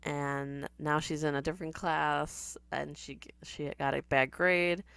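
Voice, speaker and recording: Low smooth woman reacting to a show, dry snarky chatter, dead dry room. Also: fairly even intonation, measured pace, fairly bright tone, dry recording. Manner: sardonic, chatty, laughs often. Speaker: reaction commentator. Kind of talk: casual reaction commentary.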